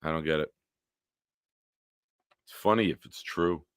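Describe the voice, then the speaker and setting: A man's voice: a bass voice, measured pace, smooth, no room sound, clean studio sound. A man hosting a casual live-stream sports talk show, ranting with lots of profanity and answering chat comments.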